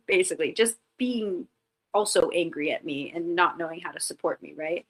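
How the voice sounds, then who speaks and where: Over poor audio, a woman appearing as a podcast guest tells a personal story in a lowish, animated voice at normal speed. She sounds candid and reflective, her casual talk full of "like" and restarts.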